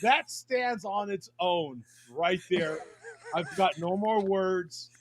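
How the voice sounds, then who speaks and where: A man hosting a casual livestream chat, excitable and quick to laugh. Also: high voice. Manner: excitable, laughs often, restarts. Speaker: host.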